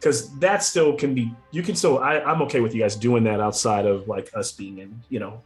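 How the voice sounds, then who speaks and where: A man's voice: mid-range voice, normal speed, faint music behind. A man narrating a tabletop game as game master, rambling with many fillers and frequent chuckles.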